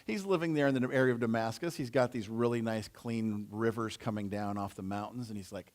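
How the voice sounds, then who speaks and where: A man's voice: fairly low pitch, a little fast, few pauses. A male pastor teaching through a Bible passage in a conversational way, retelling it in casual everyday slang.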